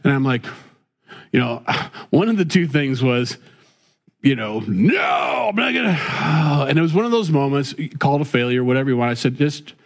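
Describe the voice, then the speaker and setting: A man's voice: mid-range voice, expressive, fairly quick, darkish tone. A middle-aged man talking casually and earnestly, rambling with many restarts and drifting into preaching about faith. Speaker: father and faith-based talk host.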